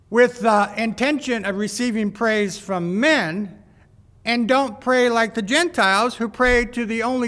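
A man's voice: very high voice, vocal fry, fairly bright tone, long reverb tail. A man preaching a sermon, asking the congregation rhetorical questions as he goes.

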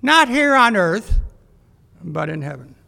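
A man's voice: high-pitched, sing-song, slow, vocal fry, pushed and bright, long reverb tail. A man preaching a sermon, asking the congregation rhetorical questions as he goes.

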